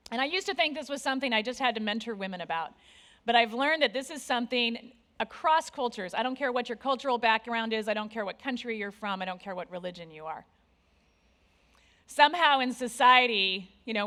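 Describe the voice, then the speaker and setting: A woman in her forties giving a candid, self-deprecating conference talk on stage, with lively asides to the audience. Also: a little high. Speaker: conference speaker.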